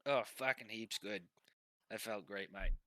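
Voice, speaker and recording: A man's voice: fairly low pitch, level tone, racing, pushed and bright, no room sound. A man voicing a crude, laid-back male rogue with an Australian accent who swears casually. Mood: breezy. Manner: swearing, easygoing.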